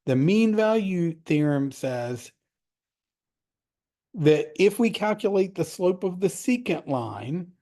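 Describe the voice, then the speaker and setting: Casual man explaining calculus, mellow voice. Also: high voice, very animated, slow. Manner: casual, direct, walks through steps. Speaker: math teacher.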